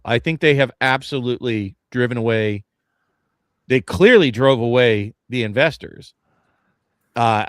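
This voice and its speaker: A man's voice: medium pitch, fairly bright tone, no echo, studio quality. A man co-hosting a casual card-game podcast, blunt and dismissive, swearing freely as he rants. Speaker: podcast co-host. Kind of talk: casual opinionated chat.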